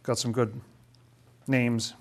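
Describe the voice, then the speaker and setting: A man's voice: mid-range voice, little pitch movement, slow, gravelly. A man leading a casual Bible study, thinking aloud and asking questions about the passages.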